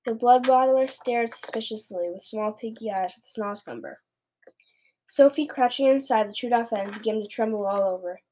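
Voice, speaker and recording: A woman reads a children's storybook aloud, steady and plain. Her voice sits fairly high. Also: normal speed, poor audio. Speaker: reader.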